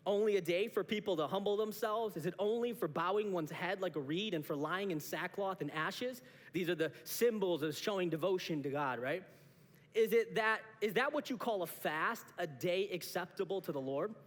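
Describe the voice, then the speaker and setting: A man in his thirties preaching a sermon as pastor, animated, acting out short exchanges with God. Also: high-pitched, normal speed. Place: church auditorium. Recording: long reverb of a church hall.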